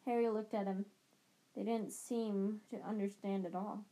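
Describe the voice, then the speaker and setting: A woman's voice: medium pitch, fairly even intonation, measured pace, mellow, poor audio. A woman reading a novel aloud as an amateur audiobook reader, with occasional slips and restarts.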